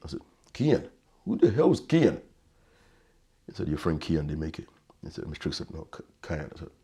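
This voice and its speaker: A man in his thirties with an extremely deep, low voice. He tells a painful personal story in an interview, halting, repeating words, and often dropping to a quiet, subdued tone. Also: husky. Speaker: interview guest.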